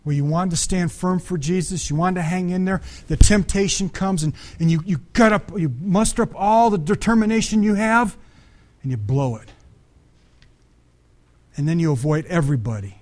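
A man's voice: sits high, lively intonation, normal speed, a little mellow. A man preaching a conversational sermon, asking his listeners questions and acting out the voices in the story. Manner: conversational, acts out the Bible voices, asks the audience questions. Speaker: pastor.

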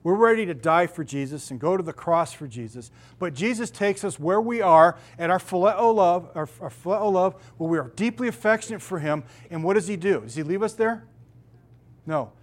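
A man's voice: sits high, expressive, moderate pace. Middle-aged man preaching emphatically. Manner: emphatic, preaching with stretched-out stressed words. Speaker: pastor. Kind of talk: sermon.

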